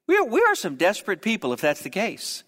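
Animated high-voiced preacher in a hall. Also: male voice. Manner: humorous, animated storytelling with quick asides. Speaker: pastor. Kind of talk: sermon.

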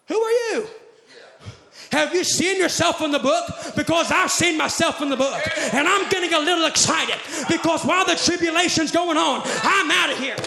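A man preaching a fervent, shouted sermon to a congregation, repeating phrases in rhythmic refrains. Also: very high voice, creaky. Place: church sanctuary with congregation. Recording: echoey church hall with crowd.

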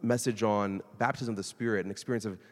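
A man preaching a sermon in a conversational, animated way, sometimes acting out quoted voices. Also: fairly low pitch, fast, long reverb tail. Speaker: pastor.

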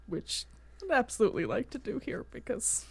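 Expressive woman playing a tabletop game. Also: a little high, normal speed, creaky, breathy edge. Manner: giggly, expressive. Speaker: player.

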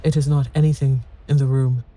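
A reader doing shrill, terrified Rebecca. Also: level tone, fairly quick, dark tone, natural voice. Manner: shrill, obstinate. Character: terrified, insistent woman, Rebecca.

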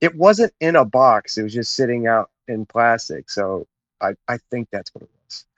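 A man's voice: medium pitch, animated, normal speed, dry recording. Laid-back male guest, dull lo-fi sound. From Chattanooga, Tennessee, USA. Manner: rambling, laid-back storyteller, says "man" and "whatnot". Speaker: podcast guest, naval officer. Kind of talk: casual interview storytelling.

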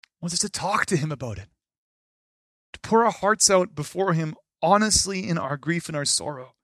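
A man preaching a sermon with a fairly high voice. He swings between forceful emphasis and hushed asides. The sound is dry and close, with no room echo. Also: normal speed. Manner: animated, shifts between loud emphasis and quiet asides. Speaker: pastor.

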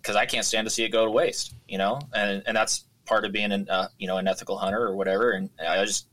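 A man's voice: fairly low pitch, flat delivery, quick pace, a bit bright. A man from Washington state talking casually and easygoingly about hunting. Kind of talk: casual chat.

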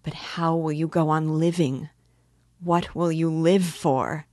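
A woman's voice: low-pitched, fairly even intonation, takes it slowly, no room sound, studio quality. A woman voicing a young anguished pleading woman. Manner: pleading, emotional outbursts.

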